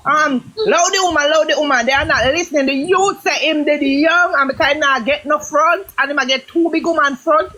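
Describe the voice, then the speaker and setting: A Jamaican woman chatting in patois, telling a story with lively, emphatic commentary. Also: high-pitched. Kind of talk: heated gossip chat in patois.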